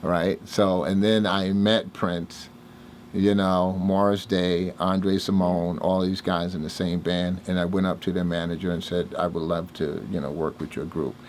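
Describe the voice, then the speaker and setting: An older man with a fairly low voice recounts old stories in a relaxed interview. He slips into the voices of the people in his tale and jumps up in pitch as he acts them out. There is a faint hiss behind him. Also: unhurried. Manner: animated storyteller, acts out dialogue with big pitch jumps. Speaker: interviewee, music producer. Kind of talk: casual storytelling interview.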